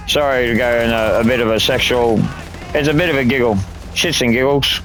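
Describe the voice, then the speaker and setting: A man's voice: mid-range voice, moderate pace, music in the background. Swearing Australian man narrating gameplay. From Northern Territory, Australia. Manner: crude, swears freely, rambling asides. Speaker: gaming streamer. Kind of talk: casual gameplay commentary.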